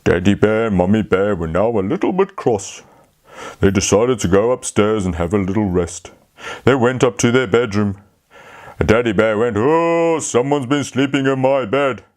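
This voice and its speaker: A man telling a fairy tale to children, speaking slowly and talking to them directly. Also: lowish voice. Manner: slow, lively, talks to the children. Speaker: storyteller. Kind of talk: children's storytelling.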